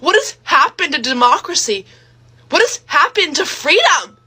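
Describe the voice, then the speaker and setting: A woman's voice: sits high, big pitch swings, moderate pace, sharp tone. A woman ranting tearfully in a self-filmed video, distraught and shaken. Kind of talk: emotional video rant.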